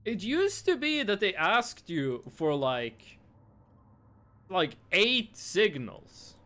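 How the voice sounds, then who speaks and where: A young man live-streams a game from his home setup, chatting casually into a desk mic, with a webcam perched on the monitor. He rambles through stories packed with fillers, his high-pitched voice sing-song, pushed and bright, and extremely slow.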